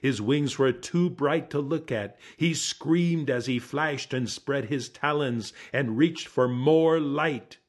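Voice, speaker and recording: A man telling a folk tale in a slow, hushed, dramatic way. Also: medium pitch. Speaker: storyteller. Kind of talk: storytelling narration.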